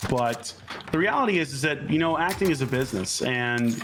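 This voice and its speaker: A man's voice: medium pitch, animated, brisk, fairly bright tone, slight background noise. A laid-back man from Florida, an actor guest on a podcast who tells stories and swears freely while chatting casually during a game.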